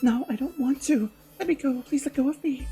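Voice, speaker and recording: A man's voice: a little fast, warm tone, soft background music. A man putting on a terrified pleading girl. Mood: frightened pleading. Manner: high, tearful pleading.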